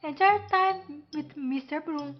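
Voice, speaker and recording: A woman's voice: high-pitched, a little slow. A woman voicing a mischievous, teasing woman who enchants a broom, in a sing-song, mocking way. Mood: gleefully mocking. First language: Portuguese. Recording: muffled with faint music.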